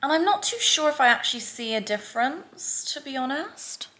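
A woman's voice: sits high, big pitch swings, normal speed, bright, forceful tone. A young woman with a London accent, chatting candidly in a casual beauty vlog, full of "like" and "babe". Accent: London English. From England. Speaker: beauty vlogger. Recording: faint background noise.

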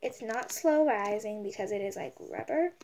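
A woman's voice: mid-range voice, moderate pace, a little mellow. A young woman rambling casually in a giveaway vlog, bubbly and full of "like". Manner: rambling and bubbly, many likes. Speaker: vlogger. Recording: noisy home recording.

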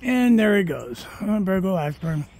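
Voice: mid-range voice, sing-song, fairly quick, a little mellow. A person talking to their cat in a casual, coaxing, sing-song way while filming a walk outdoors in the cold on a phone. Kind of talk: casual talk to a pet.

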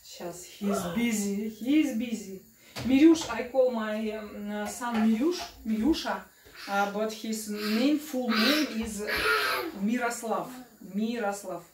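A woman's voice: on the high side, slow pace, a loud crowd. A young woman with a Russian accent, talking casually in broken English in a cooking vlog, hesitant with many fillers and restarts. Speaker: family vlogger. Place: home kitchen. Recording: echoey room, distant mic, audible noise.

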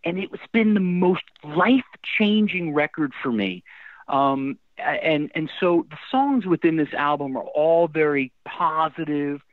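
A middle-aged man, a guest musician telling stories in a casual interview, animated and emotional, often restarting his sentences. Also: on the high side, measured pace, no room sound. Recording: dry tinny phone-like line.

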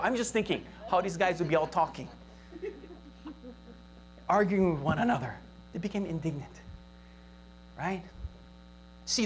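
A pastor with a Hawaii local accent preaches at a church service in an easy, conversational way. The voice sits at a middling pitch. A faint hum runs underneath. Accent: Hawaii local English. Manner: conversational, asks the congregation for responses. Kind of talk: sermon. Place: church service, live-streamed.

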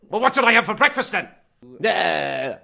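An actor playing an aging Irish movie hellraiser in a comedy sketch. He talks fast with a low, forceful voice. He stammers, repeats himself and takes offense at everything. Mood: belligerent. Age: older. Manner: stammering, rambling, quick to take offense. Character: aging boozy Irish film-star hellraiser, blustering and touchy. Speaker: interviewee. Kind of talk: comedy sketch, mock interview.

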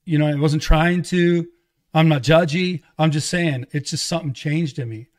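Man telling his story, fairly high voice. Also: steady tone, moderate pace. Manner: loose, conversational, quotes others in dialogue. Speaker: podcast guest, evangelist. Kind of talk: casual testimony storytelling.

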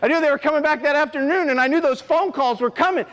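A man who is a former coach and motivational speaker, telling an emotional personal story to an audience in an earnest, halting way. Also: extremely high pitch, a bit bright. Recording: long hall reverb.

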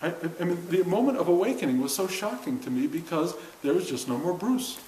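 The speaker is an older man teaching spirituality to a class in a room with a seated audience, earnest and chatty, frequently breaking into laughter. He talks briskly in a high, darkish voice with big pitch swings, and the recording carries a roomy echo and faint hiss.

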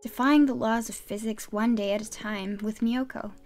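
A woman's voice: on the high side, steady tone, normal speed, darkish tone, faint music behind. A woman streamer chatting and giggling through casual gameplay commentary, talking to her viewers from a desk microphone at home. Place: home gaming setup.

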